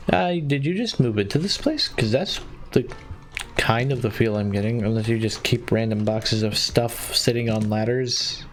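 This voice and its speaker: A man's voice: fairly low pitch, moderate pace, faint music behind. A man streaming a horror game, joking and swearing in casual commentary.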